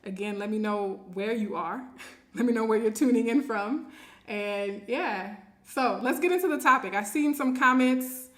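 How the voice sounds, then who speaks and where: A woman's voice: on the high side, moderate pace, a bit bright, roomy sound. A woman hosting a casual live stream, reading viewer comments aloud and laughing often. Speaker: livestream host.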